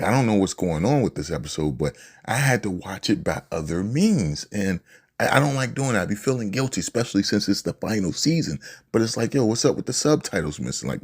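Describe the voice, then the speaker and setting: A man's voice: deep voice, darkish tone, slightly rough. A young man casually talking through his reaction to an anime episode, laid-back and slangy, throwing in "yo" and "man". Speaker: anime reaction channel host.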